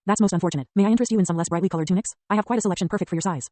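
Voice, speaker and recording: A woman's voice: lowish voice, racing, darkish tone, no room sound, natural voice. A woman voicing a courteous, soldierly tailor selling his wares in an audiobook. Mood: salesmanlike. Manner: courteous, salesmanlike. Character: polite soldierly male tailor merchant.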